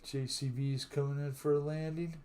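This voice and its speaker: A man's voice: on the high side, little pitch movement, warm tone. An older man hosting a live stream, telling stories in a casual, drawling way and greeting viewers by name. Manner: chatty storyteller who greets viewers by name; drawling, unhurried talk.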